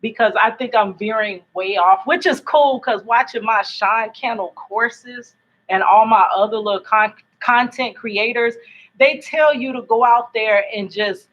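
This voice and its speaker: A woman's voice: fairly high pitch, a little slow, fairly bright tone, muffled recording. A woman vlogger chatting casually to camera from home at night, rambling and laughing often. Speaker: YouTube vlogger. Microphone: laptop built-in mic.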